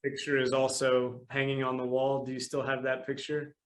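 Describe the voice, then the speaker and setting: Young male podcast host, casual, short follow-up questions, mid-pitched voice. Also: monotone, moderate pace, fairly bright tone, a little hiss or hum. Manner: brief reactions and follow-up questions. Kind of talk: casual interview.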